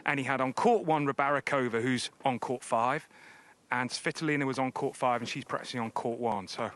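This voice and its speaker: A man reporting live from the practice courts, out of breath from rushing around. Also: medium pitch, fairly bright tone. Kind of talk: live outdoor sports report.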